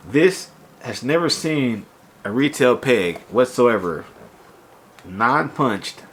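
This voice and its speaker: Male vlogger, stuffed-up nasal voice, casual animated delivery, mid pitch. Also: slight background noise. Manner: animated, exasperated storytelling with laughs. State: congested, nasal from allergies. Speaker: toy collector vlogger. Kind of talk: casual unboxing vlog.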